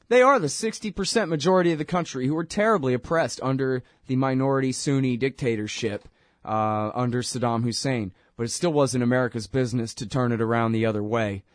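A man hosting an opinion talk show, rambling and animated with a sarcastic streak. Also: mid-range voice, dry recording, clean studio sound.

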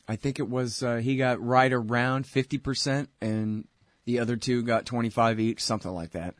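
A man's voice: lowish voice, no room sound, studio quality. A man hosting a talk show, rambling in a blunt, sarcastic way between ad reads. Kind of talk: casual political talk and ad reads.

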